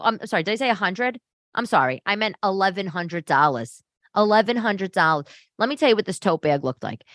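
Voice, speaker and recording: A woman hosting a casual solo podcast, animated and sarcastic as she rants. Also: low-pitched, no room sound, clean studio sound. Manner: animated, ranting, sarcastic asides. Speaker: podcast host. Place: home living room.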